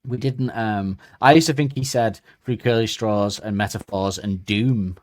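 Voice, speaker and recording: A man's voice: fairly low pitch, a little slow, dry recording. A man co-hosting a podcast in casual chat, rambling and hesitant, with many ums and restarts. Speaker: podcast co-host.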